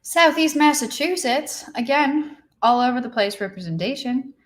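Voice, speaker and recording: A young woman talks casually into her computer mic from her apartment, hosting a livestream. She is chatty and reads viewer comments aloud. Her energy is low and she sounds a little tired. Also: expressive, normal speed. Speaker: livestream host.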